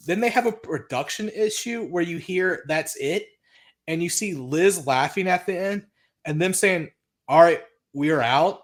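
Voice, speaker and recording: A man's voice: high voice, expressive, a little slow. Blunt, profane male wrestling podcaster. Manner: blunt, profane, exasperated recapping. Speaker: podcast co-host. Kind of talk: casual chat recapping wrestling.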